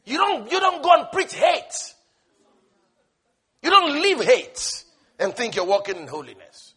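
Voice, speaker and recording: A man delivers a sermon in a strikingly high, bright voice. A husky grain runs through his speech. He swings from loud shouted refrains to hushed asides, laughing and repeating his key words. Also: sing-song, measured pace, pauses often, a faint crowd. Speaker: preacher.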